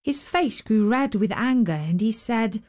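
A woman hosting and narrating a fairy tale with gentle, expressive storytelling. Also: a little high, unhurried. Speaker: storyteller and host.

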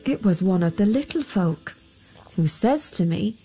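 A woman voicing a sly, smooth-talking soldier who wheedles and flatters. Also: mid-range voice, measured pace, faint music behind, lightly acted. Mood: wheedling.

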